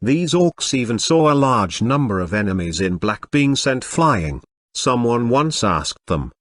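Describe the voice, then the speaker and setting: Lively synthetic male narrator. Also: medium pitch, measured pace, no room sound, clean studio sound. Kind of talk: scripted audiobook narration.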